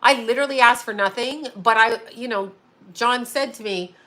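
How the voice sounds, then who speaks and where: Bright-voiced woman ranting casually. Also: fairly high pitch, normal speed. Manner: rambling, emotional, swears freely. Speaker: psychic medium and channel host. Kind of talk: casual livestream chat.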